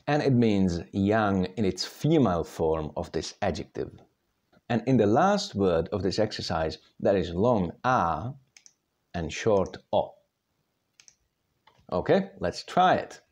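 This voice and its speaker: Slow, lively-pitched male language teacher. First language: Czech. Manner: patient, demonstrating sounds aloud. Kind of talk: slow step-by-step pronunciation lesson.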